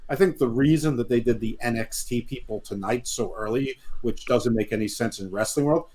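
A man's voice: medium pitch, a little fast, darkish tone. A man on a podcast panel, opinionated and explaining his views at length in casual chat.

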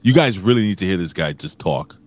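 A man co-hosting a wrestling review podcast in casual banter, blunt, profane and excitable. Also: low-pitched, fairly quick. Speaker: podcast co-host.

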